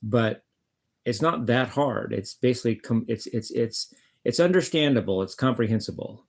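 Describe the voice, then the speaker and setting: A man's voice: mid-range voice, normal speed, creaky. A man talking casually to the camera in a blunt, rambling monologue, often swearing and stumbling over his words as he restarts sentences. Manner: blunt, swears, many restarts and stammered repeats. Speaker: vlogger, guitarist.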